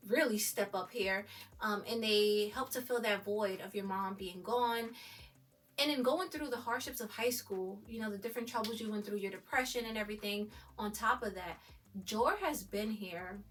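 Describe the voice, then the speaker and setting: A woman recapping a TV episode in animated, gushing casual commentary. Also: medium pitch, distant mic. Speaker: TV recap vlogger.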